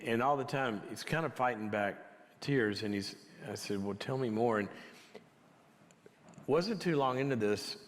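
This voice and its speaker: A man telling a story as part of a teaching talk, conversational and dropping to a hush for quiet moments. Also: fairly low pitch. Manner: conversational, drops to a near whisper for quiet moments. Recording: long hall reverb.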